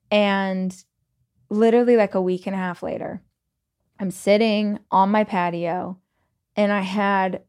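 A Southern American woman hosts her podcast in a loose, chatty monologue. She tells her story casually, filling her sentences with "like" and "you know." Her voice sits at a middle pitch. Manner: chatty, animated, many "like"s and laughs. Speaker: podcast host and author.

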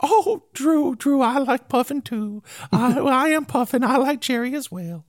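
A man voicing his small friendly pet dog in a high, sweet voice. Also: expressive, measured pace, dry recording, clean studio sound.

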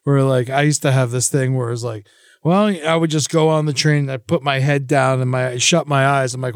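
A man's voice: fairly quick, dry recording, clean studio sound. A man co-hosting a podcast, telling stories in casual chat and acting out quotes in a raised voice. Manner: animated storyteller, acts out quotes in a high voice. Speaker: podcast co-host.

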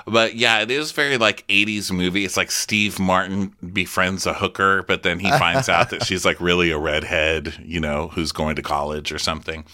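A man's voice: sits low, steady tone, moderate pace, few pauses, sharp tone. A man co-hosting a casual reality-TV podcast, wry and sarcastic, rambling as he talks. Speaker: podcast co-host.

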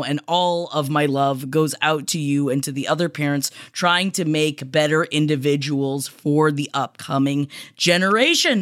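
A woman's voice: on the low side, a bit bright. A woman hosting a podcast, reading listener mail in a giggly, chatty way and swearing freely. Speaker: podcast host.

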